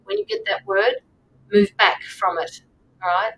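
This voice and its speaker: Lively, earnest woman tarot reader. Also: a little high, unhurried, creaky, distant mic, a little hiss or hum, low-quality recording. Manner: earnest, repeats herself, checks in with "right?". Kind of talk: live-stream reading, casual coaching talk.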